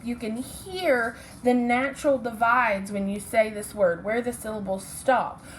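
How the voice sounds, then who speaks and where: A female teacher walks children through a phonics lesson in a fairly high voice. She speaks slowly and patiently, stopping to check that they follow. A faint hiss of noise sits under the recording. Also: rough recording. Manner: patient, checks in with "okay?" and "right?"; apologizes for slips and corrects herself.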